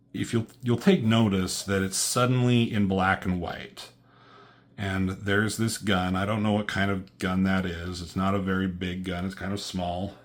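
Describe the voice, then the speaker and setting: A man casually walking through a comic book in a review, rambling with lots of fillers and loose, profane slang. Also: deep voice.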